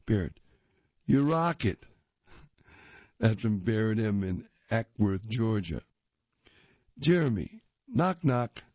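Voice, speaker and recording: Low, mellow man reading jokes at an unhurried pace with chuckles; dry, dull lo-fi recording. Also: big pitch swings, no echo. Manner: chuckles at the jokes, casual asides. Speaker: reader of readers' jokes.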